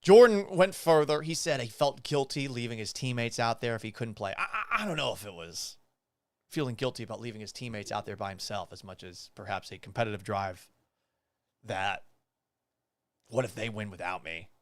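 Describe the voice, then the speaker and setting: A man in his thirties hosting a casual sports talk show, animated and blunt, often swearing. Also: mid-range voice, a little fast, no echo. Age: 30s.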